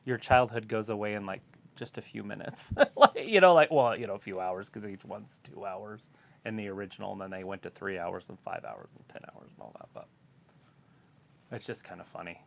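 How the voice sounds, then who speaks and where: A man co-hosting a wrestling watch-along stream, giving relaxed play-by-play remarks and rambling, nostalgic asides. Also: on the low side, a little fast, gravelly. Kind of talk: casual chat, wrestling commentary.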